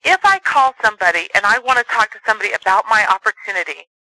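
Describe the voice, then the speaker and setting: Male sales trainer, high and very bright voice, earnest coaching tone, dry close sound. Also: expressive, fast talker, dry recording, poor audio. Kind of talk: motivational training talk.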